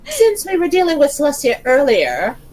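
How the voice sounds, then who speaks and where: A woman's voice: high voice, huge pitch swings, moderate pace, darkish tone, rough recording. A woman hosting a casual group word game, reading prompts and giggling. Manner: giggly, reads prompts aloud. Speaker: host running a word game.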